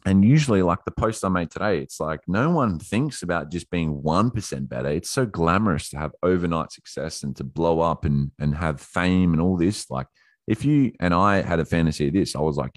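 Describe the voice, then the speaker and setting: A young man coaching viewers in a casual motivational talk, blunt and quick to swear, often restarting his sentences. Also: low voice, expressive, no room sound, clean studio sound. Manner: blunt, swears freely, self-interrupting.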